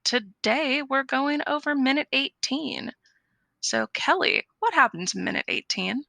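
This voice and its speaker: Gravelly, bright-voiced woman podcast host. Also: sits high, expressive, measured pace, dry recording. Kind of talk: casual podcast chat.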